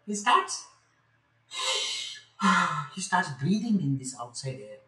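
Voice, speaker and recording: A man's voice: high-pitched, very animated, normal speed, bright, forceful tone, recorded from a distance. A man explaining scripture to a live audience in a chatty way, often asking them questions. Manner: conversational, asks the audience questions, light jokes. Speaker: spiritual teacher. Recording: echoey room, speaker off-mic.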